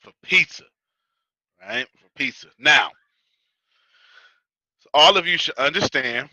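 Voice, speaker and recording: A man with a Texas accent teaches a live class in a loose, joking, folksy way. His voice is very bright and his delivery is dry and close. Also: fairly high pitch, measured pace, no room sound, poor audio. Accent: Texas, Houston area. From United States. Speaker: business coach teaching a class. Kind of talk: casual teaching talk to a live audience.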